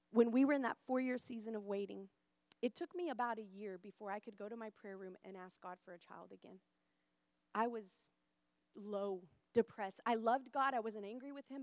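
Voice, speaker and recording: A middle-aged woman preaching and telling her testimony, passionate, rising loud and high and then falling soft and low. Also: dry recording, clean studio sound. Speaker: pastor and speaker. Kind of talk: sermon testimony.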